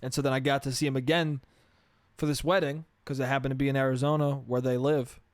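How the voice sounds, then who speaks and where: A man's voice: medium pitch, little pitch movement, quick pace, no room sound. A man from New York State hosting a solo podcast, rambling, swearing and laughing at himself. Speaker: podcast host.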